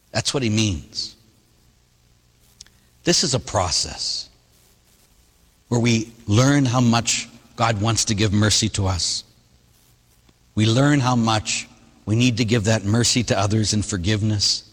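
A man, a priest, giving a sermon and telling stories in an animated way, acting out the people he quotes. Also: lowish voice, unhurried, long pauses, long reverb tail. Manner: animated storytelling, voicing others in quotes.

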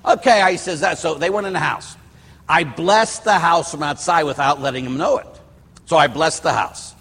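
Middle-aged priest preaching in a reverberant hall. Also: male voice, fairly high pitch, moderate pace, fairly bright tone, husky. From Pittsburgh. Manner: rambling storyteller, restarts and asides. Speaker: Catholic priest. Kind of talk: sermon with personal stories.

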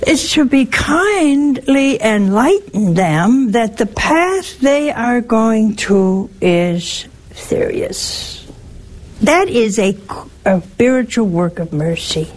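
A woman's voice: on the high side, expressive, slow pace, darkish tone, a little hiss or hum, low-quality recording. A woman giving a spiritual teaching talk, wry and teasing, with emphatic turns. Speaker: religious speaker.

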